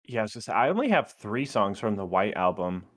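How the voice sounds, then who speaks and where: Man, low pitch, lively intonation, podcast co-host, teasing casual chat. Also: normal speed, dry recording, clean studio sound.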